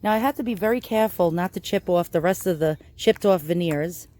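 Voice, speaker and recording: A woman's voice: on the low side, brisk, warm tone. Woman chatting thru a diy restoration outside, lots of ums, laughs at herself. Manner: chatty, self-deprecating, many fillers. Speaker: furniture restoration vlogger. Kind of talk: casual how-to narration. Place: outdoors in sunlight.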